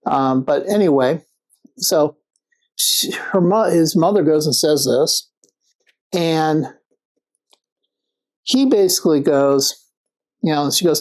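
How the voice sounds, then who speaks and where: A woman with a low, mellow voice talks through a TV episode in a loose review. She rambles and speculates, often restarting with fillers. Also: measured pace, long pauses. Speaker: TV show reviewer. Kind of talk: casual episode recap and review.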